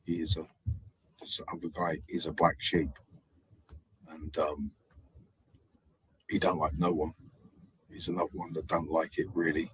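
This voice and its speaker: A man's voice: extremely low pitch, level tone, unhurried, long pauses, slightly rough, poor audio. A man hosting a live stream, talking in a rambling, digressive way with hesitations and repeats. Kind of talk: rambling casual monologue.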